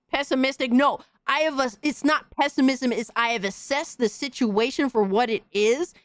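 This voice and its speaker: A woman's voice: sits high, no echo. A woman hosting a podcast, delivering a heated, profane, slang-filled rant in casual commentary. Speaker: podcast host.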